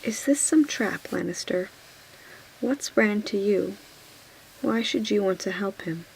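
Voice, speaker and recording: A woman voicing a proud but unsure young lord in a soft whispered role-play, stiff and hesitant. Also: mid-range voice, unhurried, vocal fry, a little hiss or hum, low-quality recording. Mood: guarded.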